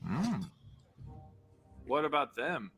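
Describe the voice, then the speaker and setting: A man's voice: a little high, very animated, slow, full character voice. An actor playing a hungry, complaining male orc soldier in a plain everyday voice, from a film clip. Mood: grumbling. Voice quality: ordinary everyday voice. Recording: film clip with loud music.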